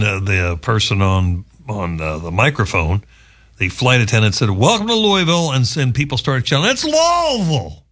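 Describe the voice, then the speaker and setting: A man's voice: on the low side, fairly bright tone. A male radio show host, chatting casually in a rambling, joking way with wry asides. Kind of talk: casual chat.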